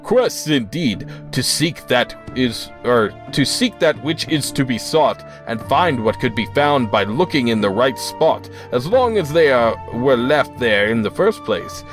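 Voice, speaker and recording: A man's voice: medium pitch, very animated, unhurried, hardly any pauses, faint music behind, pitched above the performer's own voice. A man voicing a pompous, long-winded male townsman in a game, speaking in a rambling, flowery and grandiose manner in a raised voice. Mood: grandiloquent.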